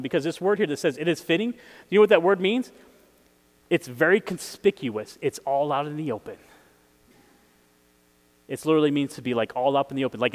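Male preacher, slightly high voice, casual and conversational with questions to the audience; long hall reverb. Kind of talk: casual sermon.

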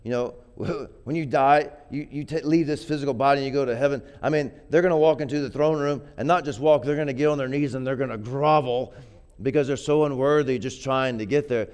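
Man, preacher, sermon, smooth resonant voice, casual, repeats himself, builds to emphatic peaks. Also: mid-range voice, fairly even intonation, a little fast, darkish tone. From grew up poor.

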